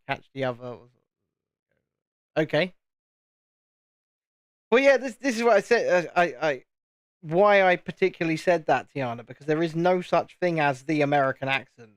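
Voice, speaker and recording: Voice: medium pitch, no echo, studio quality. A speaker with a Southern English home counties accent, hosting a live stream and chatting casually while building, often repeating words. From England, home counties. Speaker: livestream host.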